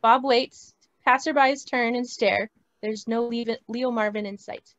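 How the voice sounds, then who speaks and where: Woman reading stage directions, high voice. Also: unhurried. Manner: plain, steady reading. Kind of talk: script table read. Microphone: video call. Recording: dry, muffled lo-fi audio.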